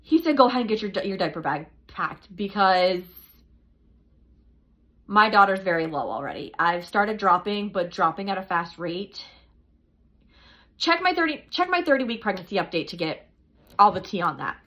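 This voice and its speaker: A woman's voice: mid-range voice, animated, moderate pace, long pauses, pushed and bright, muffled recording. A young woman chatting through a casual vlog update, rambling and repeating herself, a little out of breath. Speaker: vlogger.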